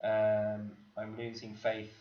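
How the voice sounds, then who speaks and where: A middle-aged man talks unhurriedly with his viewers, teasing them and laughing often. His voice sits at an ordinary pitch. The livestream audio is echoey and a bit dull. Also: completely flat delivery, slow. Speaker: blacksmith livestream host. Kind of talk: casual livestream chat reading viewer comments.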